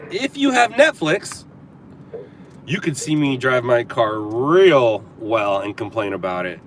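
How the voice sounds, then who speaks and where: A Southern Californian man livestreams casually from a car, talking back to viewers' comments in a sarcastic, riffing style. His pitch is medium with wide swings, and he speaks slowly against a little background noise.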